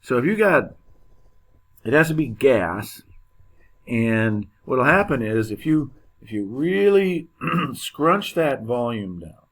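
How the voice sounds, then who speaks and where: A man's voice: medium pitch, very animated, slow pace. A man teaching a chemistry lecture in a casual, joking way, with many fillers and restarts. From United States. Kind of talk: classroom lecture.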